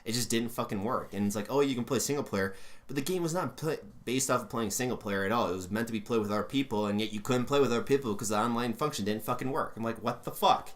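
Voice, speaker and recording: A man's voice: medium pitch, fast talker. A young man co-hosting a casual gaming podcast, ranting with lots of swearing and filler words. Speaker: podcast co-host.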